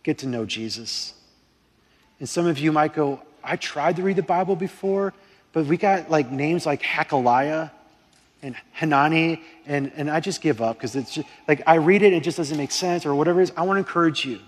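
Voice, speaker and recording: High-voiced impassioned male pastor in reverb. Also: moderate pace. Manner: impassioned, rising to near-shouting prayers, then dropping quiet. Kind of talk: sermon. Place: church sanctuary. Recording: long hall reverb.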